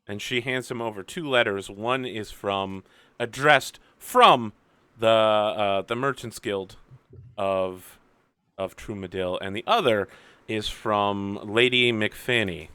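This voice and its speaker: Tabletop game master: young man, lively, bright crisp voice, dry close mic, rambling narration. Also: on the low side, slow pace, no room sound. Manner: animated, rambling, fillers.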